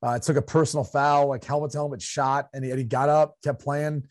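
A man's voice: mid-range voice, flat delivery, fairly quick, no echo, clean studio sound. A man from Ohio co-hosting a sports podcast in casual chat, laughing often and breaking into impressions of coaches.

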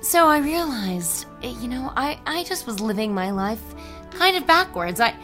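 A woman's voice: on the high side, sing-song, normal speed, fairly bright tone, soft background music. A woman voicing a dreamy, pen-obsessed woman musing in a confessional. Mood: wistful.

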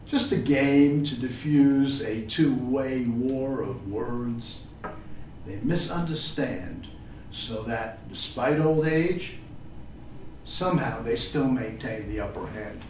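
An older man giving a poetry reading, chatting haltingly between poems and reciting them with feeling. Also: mid-range voice, a little hiss or hum. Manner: halting, filler-laden talk between expressive recitations. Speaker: poet. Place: reading venue with an audience. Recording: roomy echo, distant mic.

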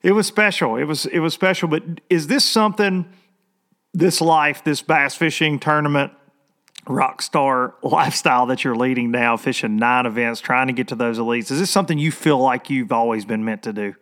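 Folksy, easygoing middle-aged host. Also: male voice, medium pitch, fairly even intonation, normal speed, a bit bright. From Tennessee. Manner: folksy, easygoing, laughs often. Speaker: podcast host. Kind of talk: casual interview chat.

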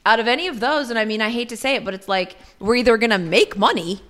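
A woman's voice: fairly high pitch, fast, fairly bright tone. A woman co-hosting a podcast, ranting casually about politics with sarcasm and a lot of swearing. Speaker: podcast co-host.

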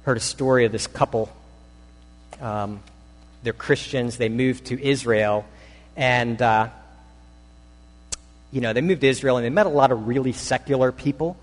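A man's voice: mid-range voice, normal speed, pauses often. A male pastor preaching a sermon in a conversational, storytelling way. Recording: long hall reverb.

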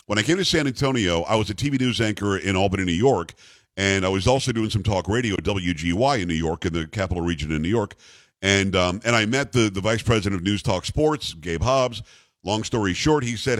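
A man hosting a radio talk show with a bass voice, telling stories casually and jokingly, doing voices for the people in them. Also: fairly quick, dry recording. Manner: animated, jokey, puts on voices for the people in his stories. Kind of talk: casual on-air storytelling. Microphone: studio microphone.

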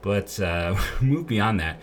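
Deep-voiced man hosting a sports podcast. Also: lively intonation, measured pace, slight background noise. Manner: rambling, candid, frequent fillers and restarts. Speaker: podcast host. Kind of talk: casual sports podcast monologue.

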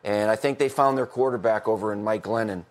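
A man's voice: on the low side, a little fast. Middle-aged ex coach man rambling about football on a podcast, laughs a lot, restarts sentences. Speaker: football analyst, former coach. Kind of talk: casual podcast chat.

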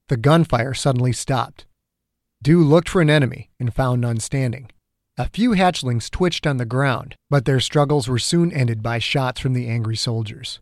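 Guy reading his sci-fi horror story, dramatic and measured, dry close mic. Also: mid-range voice, no echo. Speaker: author narrating his serialized story. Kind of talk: scripted audiobook narration.

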